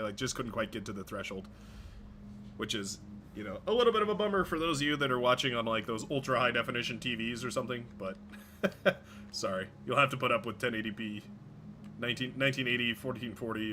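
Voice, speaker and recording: A man's voice: mid-range voice, bright, forceful tone, a little hiss or hum. A man streaming a video game live, chatting casually and rambling, often stumbling over his own words.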